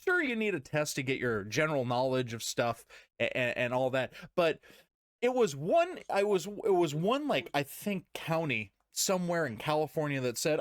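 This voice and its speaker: Ranting young man with a lively voice. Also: fairly high pitch, normal speed, no room sound, clean studio sound. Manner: ranting, swearing, exasperated, sarcastic. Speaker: podcast co-host. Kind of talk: casual podcast chat. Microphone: desk podcast mic.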